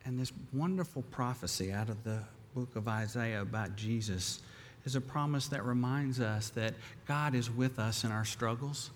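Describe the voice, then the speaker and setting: A man preaching a sermon as pastor in a church, with slow, emphatic swells of volume. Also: mid-range voice, a little hiss or hum. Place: church sanctuary. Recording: long reverb of a large hall.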